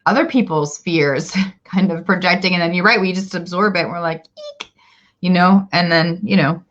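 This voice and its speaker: A woman's voice: lowish voice, moderate pace, a bit bright, lo-fi sound. A woman hosting a casual interview chat, speaking in an affirming, enthusiastic way over a video call. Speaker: host.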